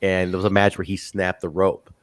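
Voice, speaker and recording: A man's voice: low-pitched, a little fast, no echo. A man co-hosting a casual wrestling review chat, telling stories with a laugh. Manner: laughing, animated storytelling with mock quotes. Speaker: podcast co-host.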